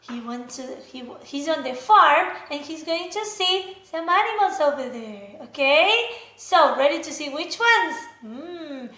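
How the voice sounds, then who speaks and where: A teacher with an Argentine accent, a Spanish-speaking woman, giving an animated, sing-song English lesson for small children with songs and a story. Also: high voice, reverberant. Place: home, recorded for remote schooling.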